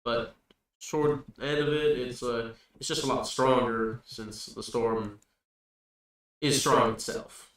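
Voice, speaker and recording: A man's voice: mid-range voice, steady tone, takes it slowly, a bit bright. A man voicing a practical adult male stableman who explains things patiently in a folksy way. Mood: explaining. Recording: echoey room, distant mic, faint music.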